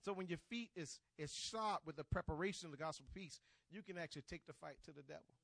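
Male preacher, bright and forceful, animated storyteller, dry close sound. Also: a little high, fast, vocal fry, no echo. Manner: animated storytelling with acted dialogue, rising to near-shouts; colloquial, repeats words. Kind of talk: sermon.

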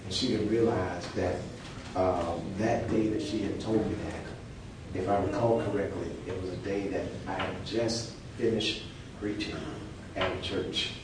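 A male preacher, telling an animated testimony and acting out the people in his story. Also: low voice, unhurried. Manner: animated storyteller, acts out quotes with laughter. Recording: echoey hall, distant mic, noisy.

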